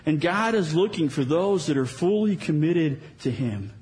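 Pastor, male, higher than average voice; earnest conversational sermon with wry asides. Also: expressive, normal speed, darkish tone, rough recording. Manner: earnest, with wry sarcasm and small repeats.

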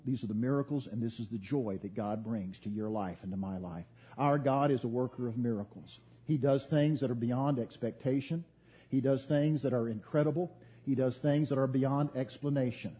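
Man preaching, husky, mellow, lively storytelling, muffled lo-fi recording. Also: medium pitch, normal speed. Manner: animated storytelling, voicing quoted figures. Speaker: pastor. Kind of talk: sermon. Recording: dull lo-fi sound.

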